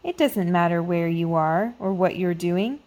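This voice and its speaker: Woman reader doing an upbeat, encouraging mentor, loud and warm-hearted, storybook read-aloud. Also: fairly low pitch, unhurried, lightly acted. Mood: reassuring. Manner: enthusiastic, reassuring. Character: cheerful encouraging female mentor.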